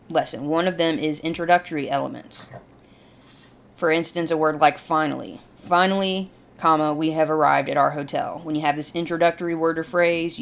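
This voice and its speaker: Woman, low gravelly voice, patient grammar teacher walking through examples. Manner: steady, explains step by step. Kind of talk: grammar lesson.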